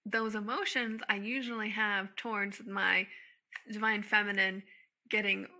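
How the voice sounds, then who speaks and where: A woman of ordinary pitch with a bright, forceful tone. She hosts a casual conversation, sharing her own experiences openly and giggling easily. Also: little pitch movement, measured pace. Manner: open, warm sharing, giggly.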